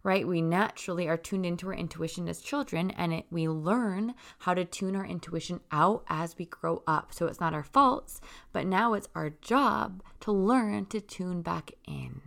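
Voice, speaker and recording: Low gravelly-voiced woman coaching. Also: moderate pace, a bit bright. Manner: earnest, conversational, lots of "like" and "right?". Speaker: spiritual self-help speaker. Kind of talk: casual motivational talk.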